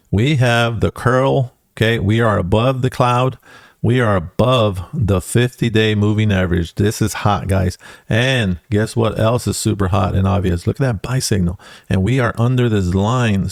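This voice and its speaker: A man's voice: lowish voice, creaky, no echo, clean studio sound. A man talking casually through stock charts as a trading educator, tagging lines with "okay" and "guys.". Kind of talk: casual screen-share chart walkthrough.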